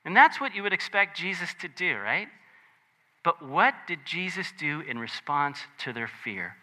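A man preaching a conversational sermon, animated and chatty, with joking asides. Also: a little high, measured pace. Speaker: pastor.

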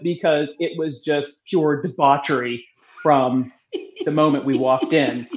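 A woman guest telling lively personal stories in a casual interview, talking freely and laughing often. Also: deep voice, unhurried. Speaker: podcast guest, beer promoter. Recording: roomy, slightly muffled.

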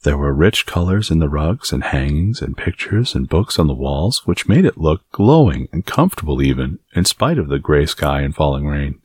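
A man narrating a classic children's novel as an audiobook, in a measured storytelling manner. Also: rumbling low, sing-song, a little mellow, husky, no room sound. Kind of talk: scripted narration.

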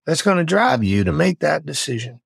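A man's voice: a little high, very animated, a little fast, gravelly, breathy edge, dry recording, studio quality, voice pushed up, heavily acted. A man voicing a tough older Navy SEAL instructor who talks in a blunt, drawling way. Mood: challenging.

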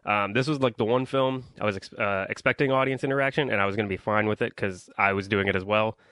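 A man's voice: on the low side, quick pace, fairly bright tone, no room sound. A young man hosting a solo podcast, rambling through a casual movie review with lots of ums and likes while complaining about his audience. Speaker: podcast host.

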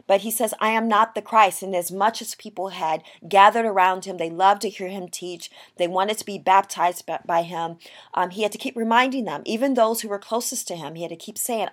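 A woman delivering a sermon. She reads a scripture passage first, then moves into loose, conversational explanation with plenty of ums and restarts. Her pitch sits in an ordinary middle range, and she turns animated when she retells a story. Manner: reads scripture then talks casually with many fillers and restarts. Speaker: preacher.

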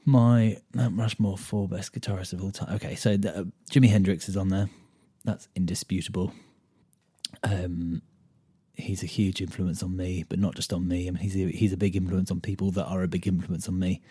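A British man with a low, dark, slightly husky voice talks through a guitar lesson on his own podcast. He is relaxed and unscripted, thinks out loud with plenty of ums, and counts beats aloud as he goes. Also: moderate pace. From United Kingdom. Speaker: podcast host and guitar teacher. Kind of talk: casual solo podcast lesson.

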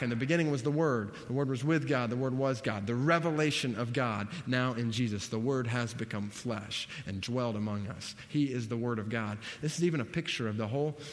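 Emphatic male preacher in a reverberant hall. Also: mid-range voice. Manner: asks the audience questions and answers them himself; emphatic, repeating key phrases. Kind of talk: sermon Bible teaching. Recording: long reverb of a large hall.

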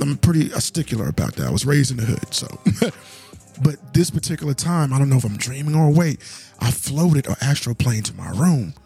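Husky-voiced man telling a story to listeners. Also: on the high side, darkish tone. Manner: earnest, conversational, addresses listeners directly. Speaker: podcast host. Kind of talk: casual storytelling monologue.

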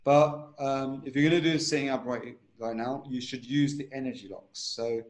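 A man's voice: medium pitch, steady tone, moderate pace. Instructive man in an echoey room. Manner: instructive, repeats himself, checks with "right?". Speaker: breathwork teacher, guest. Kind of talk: explaining a technique in an interview.

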